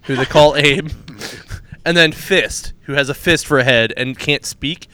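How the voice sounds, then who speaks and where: A man's voice: a little high, measured pace, pushed and bright, dry recording. A man co-hosting a casual comic book chat, rambling through plot retellings and laughing at his own jokes. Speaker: podcast co-host reviewing comics.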